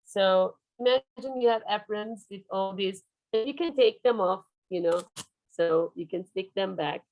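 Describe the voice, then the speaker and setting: A woman trainer leading an online workshop on early foreign-language teaching, animated and showing her materials over a video call. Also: mid-range voice, measured pace, lo-fi sound. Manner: animated, demonstrative, shows props.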